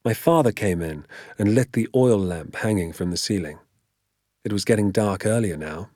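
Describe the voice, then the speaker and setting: Brief: male audiobook narrator, lowish voice, measured, dry studio sound. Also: warm tone, no echo. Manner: measured, storytelling. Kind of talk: scripted narration.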